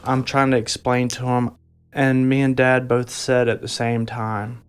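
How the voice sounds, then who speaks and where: A man giving documentary interview testimony about an encounter, speaking haltingly with frequent restarts. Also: medium pitch, monotone, smooth.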